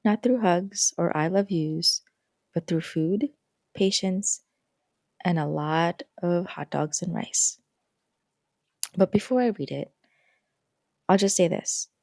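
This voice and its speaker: Woman host, low mellow voice, gentle reflective story reading. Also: slow pace, vocal fry, pauses often, no room sound, clean studio sound. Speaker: podcast host.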